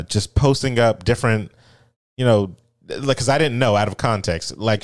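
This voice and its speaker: A man's voice: fairly low pitch, clean tone, dry recording. A man co-hosting a podcast, chatting casually and reading out an article with a laid-back, rambling manner. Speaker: podcast co-host. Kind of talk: casual chat.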